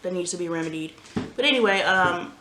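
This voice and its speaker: A woman's voice: lowish voice, fairly quick. A woman vlogger and mother telling candid stories in casual chat while doing laundry at home. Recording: roomy home echo, faint noise.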